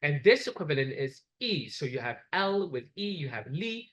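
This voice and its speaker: A man's voice: fairly high pitch, sing-song, normal speed, fairly bright tone, rough recording. A man giving a classroom lecture, explaining step by step and repeating examples so the class can follow.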